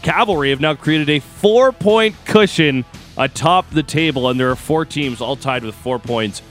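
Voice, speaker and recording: A man's voice: a little high, a bit bright, faint music behind. A man co-hosting a sports radio show, running through scores in a casual, joking way. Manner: quick sports rundown, joking. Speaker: sports report co-host.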